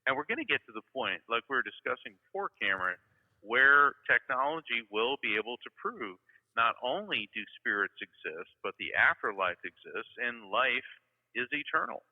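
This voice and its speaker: A man's voice: mid-range voice, big pitch swings, moderate pace. A middle-aged man from Florida, a psychic medium guest, telling stories earnestly in an interview conversation. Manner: earnest storytelling, acts out quoted voices. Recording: tinny phone-like sound with long reverb.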